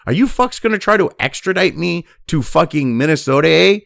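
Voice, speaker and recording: A man's voice: a little high, animated, brisk, creaky, a bit bright, no room sound, clean studio sound. A man hosting a profane political rant, reading news aloud and then angrily mocking it. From United States. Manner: angry, crude, mocking, reads news then rants. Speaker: political commentary host.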